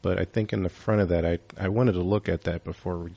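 A man's voice: low voice, fairly even intonation, fast, gravelly, mellow, breathy edge, muffled recording. A man hosting a casual chat, rambling with lots of fillers.

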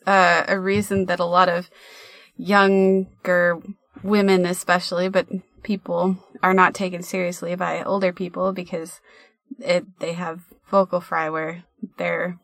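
A woman's voice: on the low side, a bit bright, dry recording. A woman co-hosting a casual podcast, joking around in a playful, scatterbrained way. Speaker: podcast co-host.

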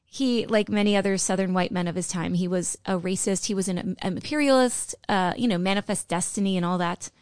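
A woman's voice: medium pitch, a little fast, few pauses, darkish tone, clear, resonant tone, dry recording, studio quality. A middle-aged woman co-hosting a podcast, chatting and telling a history story. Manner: chatty, laughing, breaks into sung lines. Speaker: podcast co-host.

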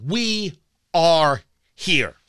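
A man's voice: fairly high pitch, very animated, very slow, sharp tone, slight background noise. A man hosting a political talk radio show, ranting in a combative, sarcastic way. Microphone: studio microphone.

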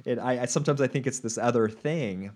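A man's voice: medium pitch, a little fast, a little mellow. A man hosting an interview, enthusiastic, stammering a little as he starts sentences. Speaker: podcast host. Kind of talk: conversational interview.

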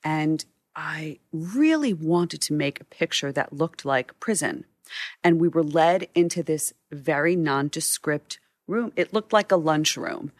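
Speaking at a measured pace, this middle-aged woman has a low, expressive voice, recorded with no echo. She is a photojournalist guest in a storytelling interview, bringing her career to life through vivid anecdotes.

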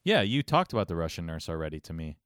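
A man co-hosting a casual chat, ribbing his partner in a deadpan, teasing way. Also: deep voice, fast talker, no echo, clean studio sound.

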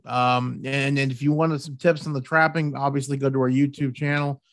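A man's voice: medium pitch, fairly even intonation, brisk, dry recording. A man hosting a hunting show, talking in a folksy, repetitive, pushy way. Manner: folksy, repeats words, pushy about tips. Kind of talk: casual podcast chat.

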